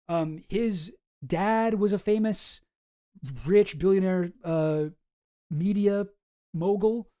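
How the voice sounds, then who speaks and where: Streamer, casual commentary, rambling, swears a lot, cuts itself off, mellow dry voice. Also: mid-range voice, dry recording. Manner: rambling, profane, self-interrupting.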